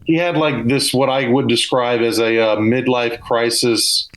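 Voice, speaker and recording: A man's voice: mid-range voice, fairly even intonation, unhurried, fairly bright tone, low-quality recording. A young man with a Southern US accent, a comedian telling loose, self-deprecating stories as a guest in a casual podcast interview.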